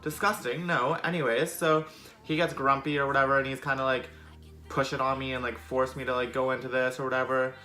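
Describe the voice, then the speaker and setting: A man's voice: medium pitch, level tone, a little fast, bright, forceful tone, faint music behind. A young man telling a storytime vlog in a casual, sarcastic way, full of fillers. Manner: chatty, filler-heavy, sarcastic. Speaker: vlogger.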